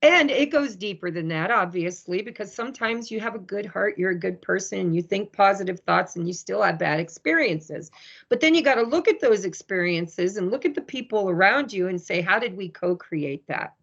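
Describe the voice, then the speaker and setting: A woman chatting casually about spirituality, telling stories with lively energy and acting out other people's words. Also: medium pitch, normal speed, creaky. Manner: animated, storytelling, acts out quoted people. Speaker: spiritual speaker. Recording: dull lo-fi sound.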